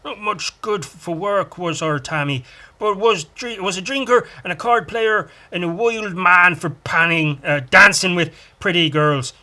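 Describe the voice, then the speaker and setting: A man voicing a boastful male goblin praising a dead man, in a lively sing-song manner, reading a comic aloud. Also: sits high, a little slow, pitched above the performer's own voice, exaggerated voice.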